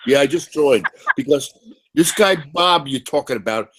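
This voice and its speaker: A man's voice: mid-range voice, expressive, moderate pace, fairly bright tone, poor audio. A man in casual chat speaking bluntly and skeptically, with frequent swearing. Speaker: chat participant.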